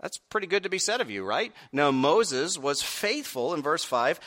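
A man preaching a sermon, asking the congregation direct questions and swinging from quiet earnest stretches to loud raised peaks. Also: fairly high pitch, very animated, moderate pace. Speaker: pastor.

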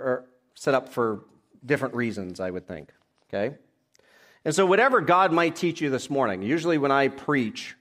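A man, a pastor, preaching a sermon, reading scripture passages aloud and explaining them verse by verse. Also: mid-range voice.

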